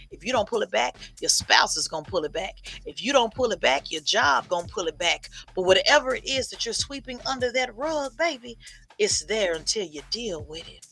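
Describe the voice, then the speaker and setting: A woman's voice: medium pitch, a bit bright. A woman political commentator giving an emphatic, preachy livestream monologue and repeating lines for effect. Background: faint music.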